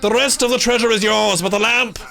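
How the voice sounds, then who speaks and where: A man voicing a greedy man who demands a lamp from a treasure hoard, in a theatrical, high-pitched way. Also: steady tone, a little fast, creaky, sharp tone, soft background music, full character voice. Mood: commanding.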